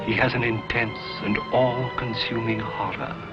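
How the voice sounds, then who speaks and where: An actor playing a grave man in a 1930s horror film, speaking in a measured, solemn way, heard from a dull old film soundtrack. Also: mid-range voice, flat delivery, loud music behind the voice, natural voice.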